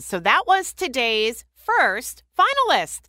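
A female morning radio co-host with a high, bright, very lively voice, recorded dry and close. She reads contest announcements and banters with her co-host, bubbly and teasing. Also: dry recording, soft background music. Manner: bubbly, laughing, quick to tease. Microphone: studio microphone.

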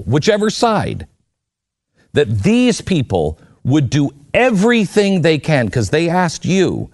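A man's voice: medium pitch, darkish tone, no room sound, clean studio sound. A man hosting a talk radio show, delivering an impassioned, emphatic opinion monologue.

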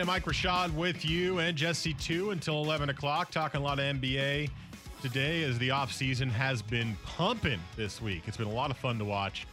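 A man's voice: mid-range voice, sharp tone, dry recording. A man hosting a sports radio show, talking through basketball news in a conversational way. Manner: conversational, analytical, with fillers.

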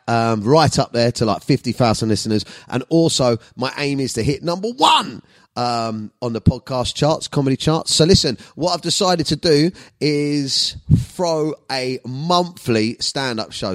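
A man's voice: medium pitch, animated, normal speed, dry recording. A boisterous man in his thirties runs his comedy podcast solo, swearing freely and bantering at pace. His voice sits in a middling register. The recording is dry, with no room around it.

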